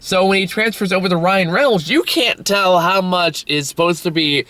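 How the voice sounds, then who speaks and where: A man's voice: high-pitched, normal speed, pushed and bright, no echo. A tired young man reviewing a film on his own, rambling and swearing with frequent restarts. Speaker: movie reviewer. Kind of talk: casual solo film review.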